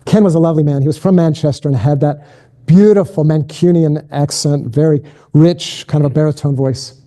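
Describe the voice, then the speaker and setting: A middle-aged spiritual director delivers a keynote, first guiding contemplative prayer and then lecturing in a gentle, invitational, self-deprecating manner. His voice runs on the high side and a little fast.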